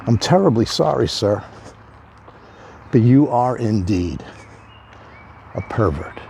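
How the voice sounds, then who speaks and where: A man voicing a male psychiatrist in a spoken joke, measured and matter-of-fact. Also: medium pitch, animated, gravelly, warm tone, a little hiss or hum. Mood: formal.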